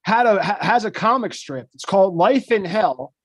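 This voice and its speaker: A man with a notably high voice rambles excitedly through a story, tripping over his own restarts. The sound is dry and close, with no room around it. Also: moderate pace, husky, no echo. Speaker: podcast co-host. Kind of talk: casual chat.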